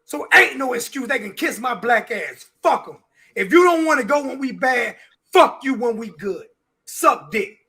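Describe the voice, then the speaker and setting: A man's voice: very high voice, lively intonation, moderate pace, bright, forceful tone, slightly rough. A man on a sports talk show, ranting with heavy swearing and repeating his words. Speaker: show regular.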